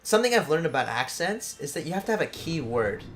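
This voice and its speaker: A man's voice: on the high side, big pitch swings, quick pace, faint music behind. Rambling young man chatting over a game. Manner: rambling, filler-heavy storytelling. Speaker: let's play host. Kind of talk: casual gaming chat. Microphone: close desk mic.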